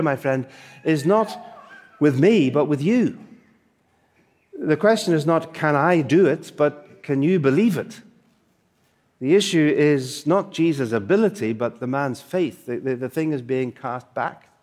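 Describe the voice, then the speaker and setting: Emphatic, fairly high-voiced male preacher. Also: darkish tone. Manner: emphatic, rhetorical questions, many asides. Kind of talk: sermon.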